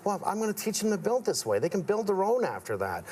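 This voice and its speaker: A man's voice: high voice, fast talker, slightly rough. A middle-aged man, a contractor guest on a talk show, chatting casually and acting out quoted people as he tells stories. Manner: animated storyteller, acts out quotes.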